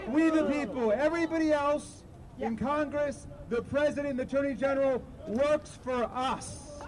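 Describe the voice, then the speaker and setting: Man shouting a protest speech outdoors. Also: extremely high pitch, moderate pace. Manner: chanting call-and-response, sarcastic jabs. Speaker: rally speaker. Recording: crowd noise outdoors. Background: crowd and street noise.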